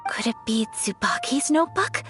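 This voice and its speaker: A woman voicing a gentle, composed and polite young noblewoman in a video game, speaking in a soft, measured and formal way. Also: a little high, expressive, natural voice. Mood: pensive. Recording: game audio with faint background music. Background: game music.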